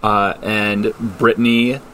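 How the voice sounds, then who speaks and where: Laid-back male game master, low voice, very slow delivery with ums. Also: slight background noise. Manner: slow, relaxed, with fillers. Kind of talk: narrating a tabletop role-playing game.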